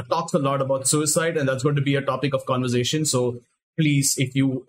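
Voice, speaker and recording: A man's voice: medium pitch, rough recording. A man hosting a casual podcast, explaining a story at length with fillers and restarts. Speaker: podcast host. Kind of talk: casual anime podcast chat.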